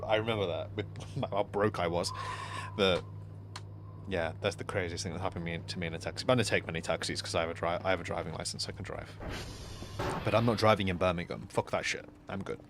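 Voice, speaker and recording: A young man streaming a game, chatting casually and rambling through a story with lots of fillers and restarts, sometimes dropping to quiet mumbled asides. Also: sits low, steady tone, fast talker, background noise. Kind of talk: casual chat while gaming on stream.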